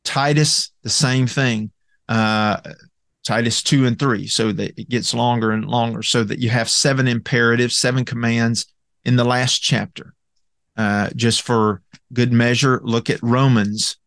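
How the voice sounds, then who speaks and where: A man's voice: medium pitch, fairly even intonation, unhurried, a bit bright, dry recording, clean studio sound. A man teaching a Bible lesson from slides, methodical, with many fillers and restarts, explaining Greek word roots. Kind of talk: recorded Bible lecture with slides.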